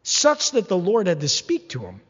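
Male pastor, sermon, high voice, lively delivery, long hall reverb, dull sound. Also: normal speed, husky. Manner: animated, mock-whining asides, humorous.

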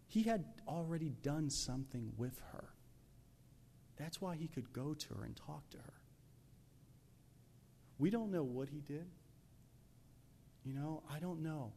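This preacher, whose voice is on the high side, gives a lively, conversational church sermon. He acts out scenes, moves from shouting to whispering, and peppers his speech with "you know."

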